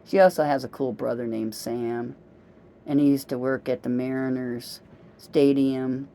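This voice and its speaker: A woman's voice: a bass voice, creaky, warm tone, a little hiss or hum. A middle-aged woman vlogging in a casual, rambling monologue, chatty and self-amused as she wanders from one story to the next.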